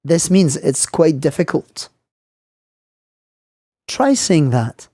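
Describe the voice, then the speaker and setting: A man teaching French in a scripted lesson, speaking clearly and saying model phrases slowly for learners. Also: a little high, sing-song, warm tone, no room sound, clean studio sound.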